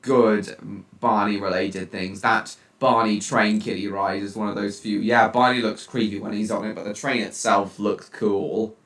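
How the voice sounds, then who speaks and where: A teenage boy live streaming from home, chatting casually and reacting out loud to his viewers' chat messages. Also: fairly low pitch, steady tone, moderate pace, few pauses. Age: teens. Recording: roomy, distant mic.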